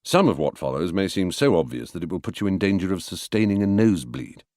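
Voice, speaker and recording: A man's voice: deep voice, big pitch swings, fast, a little mellow, no echo, clean studio sound. A man reads a lesson on word stress aloud in a wry, explanatory way and sounds out examples of stress as he goes. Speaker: reader of a book on verse. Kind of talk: scripted audiobook narration.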